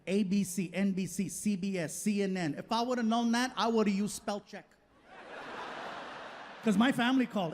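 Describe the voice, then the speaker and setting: A man doing stand-up comedy, telling stories in an animated way and laughing often. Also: high voice, moderate pace, slight background noise. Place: comedy stage before a live audience.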